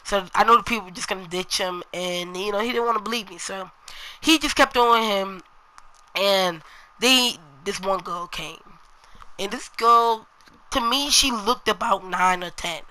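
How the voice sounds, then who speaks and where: A woman's voice: mid-range voice, unhurried, bright, forceful tone, low-quality recording. A woman vlogger telling a personal story in a casual, rambling way, full of slang and fillers like "you know".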